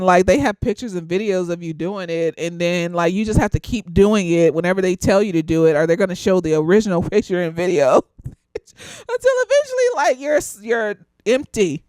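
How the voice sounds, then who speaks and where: A woman's voice: medium pitch, smooth, dry recording. A slightly tipsy woman, animatedly reviewing a TV show in casual chat, laughing often and swearing freely.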